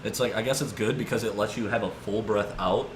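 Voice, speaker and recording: A man's voice: fairly low pitch, fairly quick. A young man in his twenties telling rambling stories in casual chat, full of "like" and "dude". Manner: rambling, lots of "like" and "dude", animated retelling. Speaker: podcast co-host. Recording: echoey room with background noise.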